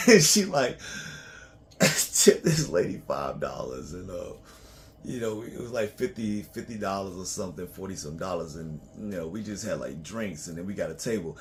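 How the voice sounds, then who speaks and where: A man's voice: sits low, very animated, moderate pace, slight background noise. A man talking casually in a loose, profane, rambling monologue to his own channel, often breaking into laughs. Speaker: vlogger.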